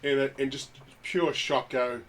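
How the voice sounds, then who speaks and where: A man's voice: medium pitch, fairly even intonation, measured pace, a little hiss or hum. A man chatting casually as a player in a tabletop role-playing game, easygoing and laughing often.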